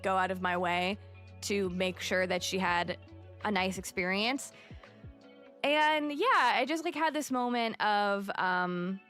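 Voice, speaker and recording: A woman's voice: mid-range voice, a bit bright. A young adult woman streaming live, chatting casually with viewers, greeting them by name and filling her talk with lots of fillers.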